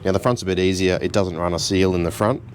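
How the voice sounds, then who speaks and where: A very low-voiced man talks through fixing a car in a home garage. He keeps it relaxed, chatty and self-deprecating, with a faint hiss of background noise under his voice. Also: quick pace. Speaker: home mechanic host. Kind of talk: casual how-to narration.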